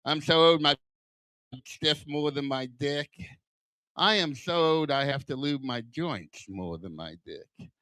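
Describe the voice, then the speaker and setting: A man's voice: fairly high pitch, measured pace, pushed and bright, clear, resonant tone, no echo. An older man doing stand-up comedy with a strong lisp that whistles on his s sounds, firing off self-deprecating one-liners on a club stage. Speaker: stand-up comic.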